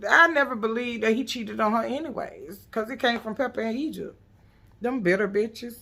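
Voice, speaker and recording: A woman's voice: a little high, moderate pace, gravelly, sharp tone, a little hiss or hum. A woman casually recapping a reality TV episode, blunt, profane and sassy.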